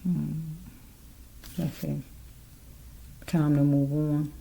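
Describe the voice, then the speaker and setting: Low, flat-voiced woman reading tarot cards. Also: drawn-out words, creaky, a little hiss or hum, rough recording. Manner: rambling, musing aloud, addresses the listener directly. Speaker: tarot card reader. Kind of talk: casual spiritual card reading.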